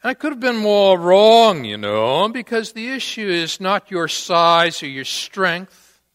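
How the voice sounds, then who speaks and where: A man's voice: high-pitched, very animated, measured pace, a bit bright, clean tone. A man preaching a sermon, telling a story with dramatic acted quotes. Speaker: pastor. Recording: long church-hall reverb.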